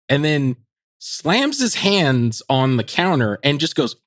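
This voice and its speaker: A man's voice: on the high side, slow pace, no room sound. Man, podcast co-host, casual movie chat, mocking, laughing, dry sound. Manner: animated, laughing, mocking quotes.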